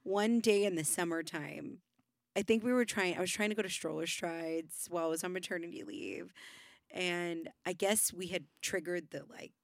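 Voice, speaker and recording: A woman co-hosting a casual podcast, giving quick backchannels and telling her own parenting stories. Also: lowish voice, steady tone, no room sound, clean studio sound. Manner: quick backchannels, plain chatty storytelling. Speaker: podcast co-host; mother. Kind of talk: casual chat.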